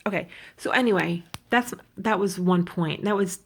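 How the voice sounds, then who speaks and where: Indignant, animated woman vlogger. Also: fairly low pitch, moderate pace, slightly rough. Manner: animated, indignant, quotes people in put-on voices. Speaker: luxury fashion vlogger. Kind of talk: casual storytelling rant.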